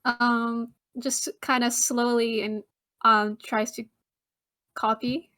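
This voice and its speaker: A woman's voice: on the high side, flat delivery, slow pace, bright, forceful tone. A woman playing in a casual tabletop role-play, giggly and hesitant, with many fillers.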